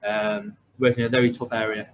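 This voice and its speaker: Young man from england, podcast host, self-deprecating, rambling, medium pitch, muffled audio. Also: sing-song, quick pace, vocal fry. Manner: rambling, self-deprecating, many fillers and restarts. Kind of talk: casual storytelling. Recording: slightly dull lo-fi audio with faint background noise.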